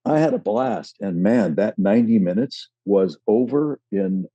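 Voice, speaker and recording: Warm, husky-voiced man telling a story. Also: fairly low pitch, measured pace, no room sound, muffled recording. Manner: rambling, animated, restarts. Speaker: podcast guest, actor. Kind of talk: casual chat, storytelling.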